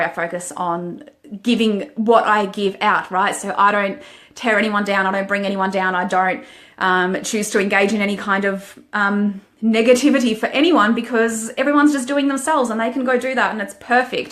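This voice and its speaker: A woman's voice: medium pitch, steady tone, normal speed, a bit bright. A woman, a life coach, talking frankly and emotionally to viewers in a motivational live-stream monologue.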